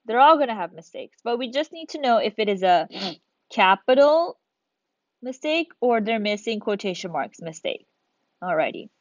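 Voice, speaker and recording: A woman's voice: a little high, very animated, normal speed. A woman teacher recording a lesson for young students, guiding them step by step in an encouraging way. The room sound is dry and close, with no echo. The audio is a little dull, like a simple home recording. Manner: encouraging, talks students through each step. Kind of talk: recorded video lesson for children.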